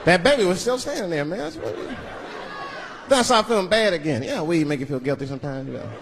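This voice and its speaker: Animated stand-up comic over a roaring crowd. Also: male voice, sits high, fast, gravelly. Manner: animated, acts out voices in his stories. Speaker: stand-up comedian. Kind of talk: stand-up storytelling. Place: comedy stage before a live audience. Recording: live show with loud crowd and noise. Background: loud audience laughter.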